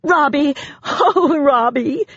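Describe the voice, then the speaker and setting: An audiobook narrator voicing an excitable middle-aged mother who gushes in a high, tearful voice, on a dull and dry recording. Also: slow pace, no room sound. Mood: gushing tearful.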